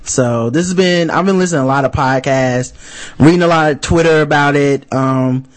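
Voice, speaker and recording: A man's voice: fairly high pitch, normal speed. A man co-hosting a podcast in casual chat, telling loose, profane stories that he animates with mock voices. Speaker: podcast co-host.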